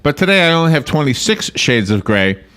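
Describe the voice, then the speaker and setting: A man hosting local radio, friendly and quick to laugh, with a lively voice that moves up and down a lot. He keeps the banter going and leads into the break. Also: on the high side, smooth. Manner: friendly, laughs easily, steers the segment. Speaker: radio show host. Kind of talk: casual on-air banter. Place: radio studio.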